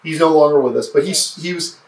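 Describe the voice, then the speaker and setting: A man's voice: fairly high pitch, fairly quick, a little mellow. A man talking earnestly and reflectively in a casual interview, often restarting his sentences. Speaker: podcast guest, former state senate candidate. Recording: roomy, mic at a distance.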